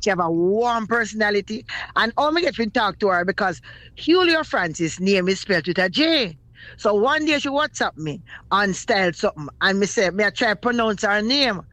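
A man's voice: high voice, lively intonation, moderate pace, sharp tone, no echo. A man with a Jamaican accent co-hosting morning radio, speaking heartfelt in patois.

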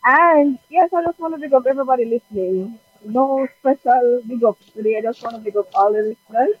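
Woman, radio guest, cheerful shout-outs, slightly high voice, lo-fi radio sound. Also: fairly quick, breathy edge.

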